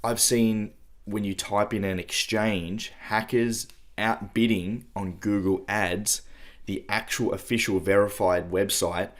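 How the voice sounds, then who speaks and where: A man with a very low voice co-hosting a podcast. He explains things in a steady, chatty manner, often dropping in "you know.". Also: takes it slowly. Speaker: podcast co-host. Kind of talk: casual chat.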